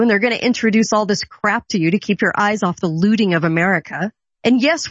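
A woman with a somewhat high voice launches into an emphatic talk-show rant. She piles on rhetorical questions without pausing for an answer. The recording is dull and lo-fi, with a dry, close sound. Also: dry recording.

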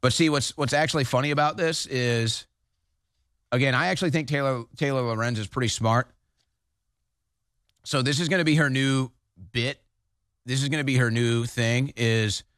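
A man's voice: mid-range voice, a bit bright, dry recording, clean studio sound. A man hosting a political talk show, delivering emphatic, combative commentary.

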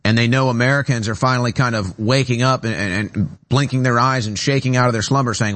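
A man's voice: mid-range voice, steady tone, a little fast, a bit bright. Urgent man ranting on a talk show. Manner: emphatic, repetitive, urgent ranting. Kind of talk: political commentary monologue. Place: radio studio.

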